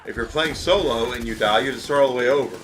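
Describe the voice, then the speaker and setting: A man's voice: mid-range voice, fast, a bit bright, slight background noise. A man streaming a video game, giving rambling, opinionated advice with lots of fillers. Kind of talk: casual gameplay commentary.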